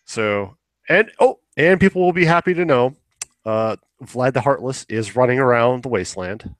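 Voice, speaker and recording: A man's voice: medium pitch, lively intonation, normal speed, no room sound. A man co-hosting a podcast in casual chat, rambling and swearing casually as he acts out quotes. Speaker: podcast co-host.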